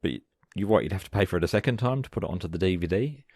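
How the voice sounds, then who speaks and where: A man co-hosting a podcast, chatting about a sitcom in a relaxed, agreeable way. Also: low-pitched, rapid-fire, slightly rough, no echo, studio quality. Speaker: podcast co-host. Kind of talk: casual podcast chat.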